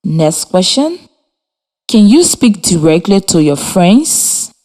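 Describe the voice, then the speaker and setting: A woman from Liberia teaching a children's reading lesson over radio, speaking slowly and clearly with encouragement. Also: fairly low pitch, very animated, warm tone. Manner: slow, clear, encouraging, spells and claps out words. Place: radio studio with students.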